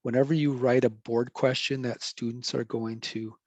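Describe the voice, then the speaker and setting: A man's voice: mid-range voice, little pitch movement, normal speed, darkish tone, no echo. A middle-aged man, a professor, giving a casual, rambling recorded lecture and correcting himself as he goes.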